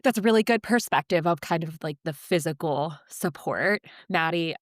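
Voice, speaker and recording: A woman's voice: low voice, moderate pace, no room sound, studio quality. A young woman hosting a casual podcast, earnest and emotional in her speech and blunt with her words. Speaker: podcast host.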